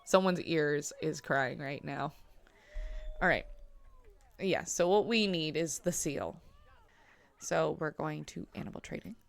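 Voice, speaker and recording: Low-pitched and unhurried, with vocal fry and long pauses, a woman streams a zoo-building game. She offers casual commentary to herself and her animals, full of fillers.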